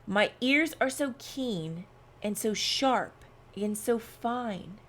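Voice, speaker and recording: A proud, snappish male rabbit from a storybook, bragging about himself, played by a woman reader. The voice sits a little high, with lively rises and falls and a very slow pace. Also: exaggerated voice. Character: boastful male rabbit proud of his ears. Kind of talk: read-aloud storybook.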